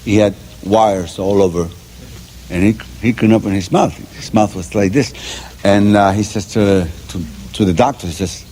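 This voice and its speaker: A man from Cuba telling jokes in an animated way, pausing on fillers. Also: on the low side, slight background noise, poor audio. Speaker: joke teller.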